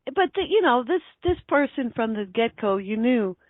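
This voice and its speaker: A woman's voice: fairly high pitch, very animated, normal speed, no room sound. A woman guest on an online radio show, chatting casually and easygoingly, laughing often. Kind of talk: casual chat. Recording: dull lo-fi online radio, dry.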